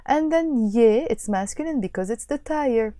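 A woman teaching a language lesson, patiently explaining and repeating phrases slowly. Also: a little high, lively intonation, warm tone, no echo, studio quality.

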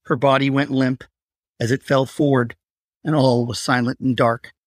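A man reading aloud from his crime thriller in a steady, measured narration. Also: mid-range voice, no echo, studio quality. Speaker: author reading his novel.

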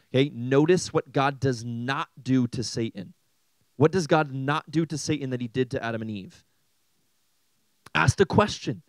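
An animated young man gives a sermon to a teenage youth group, asking the room question after question and joking along the way. His voice sits at a middle pitch, and the sound is close and dry, with no echo. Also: normal speed. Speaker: youth pastor.

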